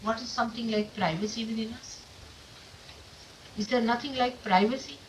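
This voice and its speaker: A woman's voice: a little high, steady tone, moderate pace. Emphatic woman teacher on an old distant tape. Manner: emphatic, full of rhetorical questions. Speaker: spiritual teacher. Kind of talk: informal talk to followers. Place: meeting room of an ashram. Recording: distant mic with faint hiss, old 1979 tape.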